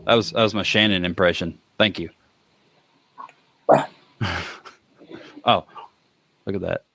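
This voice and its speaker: A man hosting a podcast in casual chat, excitable and joking. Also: deep voice, slow pace, creaky, no room sound. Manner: excitable, joking, jumpy delivery. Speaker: podcast host.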